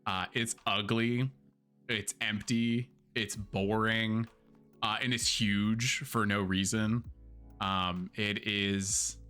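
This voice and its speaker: Bright-voiced chatty male streamer. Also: on the low side, steady tone, takes it slowly, clear, resonant tone, soft background music. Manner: chatty, lots of fillers, candid with swearing. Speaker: streamer and host. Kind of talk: casual live-stream game review.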